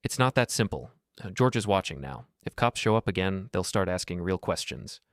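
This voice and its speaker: A man's voice: deep voice, animated, normal speed, no room sound, studio quality. A man voicing a scheming, callous young woman of twenty-three in a storybook reading, offhand and mocking. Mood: panicked.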